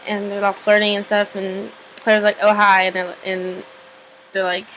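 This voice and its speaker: A woman's voice: mid-range voice, little pitch movement, normal speed, a bit bright, slight background noise, poor audio. A woman casually recapping a TV episode, chatty, full of "like" and "um", swearing freely.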